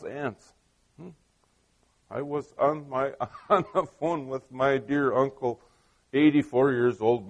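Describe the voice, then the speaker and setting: Middle-aged male pastor, unhurried delivery, chatty storytelling sermon that keeps checking in with the congregation. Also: mid-range voice. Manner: conversational storytelling with many asides; asks the listeners questions.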